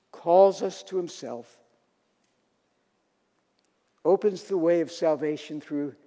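Male pastor, sermon delivery, fairly high voice, rising to emphatic declarations, church hall echo. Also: mellow.

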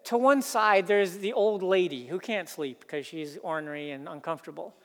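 A pastor preaching a sermon, earnest, building emphasis through repeated phrases. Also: male voice, high-pitched, normal speed, long reverb tail.

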